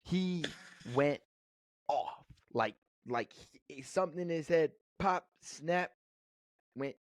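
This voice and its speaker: A man's voice: fairly high pitch, slow pace, no echo, studio quality. A man in his thirties co-hosting a podcast, telling a story in a loose, rambling way with many restarts. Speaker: podcast co-host. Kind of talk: casual storytelling.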